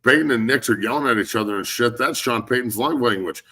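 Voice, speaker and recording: A former football player hosts a sports podcast in casual, profane chatter. His voice is bright and forward, and his opinions come out blunt and animated. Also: medium pitch, fast talker. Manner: blunt, animated, heavy swearing.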